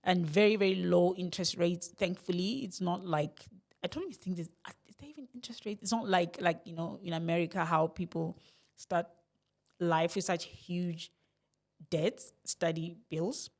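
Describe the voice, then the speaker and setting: A middle-aged woman with a South African accent, talking candidly to camera in a reflective, rambling personal vlog, with sighs and soft laughs. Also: on the low side, normal speed. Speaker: vlogger.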